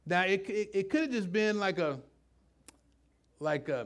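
A middle-aged man preaches a sermon in a loose, conversational way. His voice sits fairly high, and he often stops, restarts, and drifts into asides. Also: animated, unhurried, fairly bright tone. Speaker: pastor.

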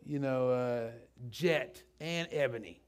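A middle-aged man preaching a sermon in a conversational, halting way, full of restarts and asides. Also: medium pitch, clear, resonant tone. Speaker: pastor.

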